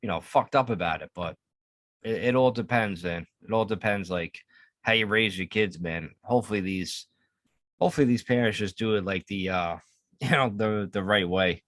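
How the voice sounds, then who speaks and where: A man co-hosting a podcast in relaxed casual chat, rambling and swearing. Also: lowish voice, moderate pace, no room sound. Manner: laid-back, profane, rambling. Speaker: podcast co-host.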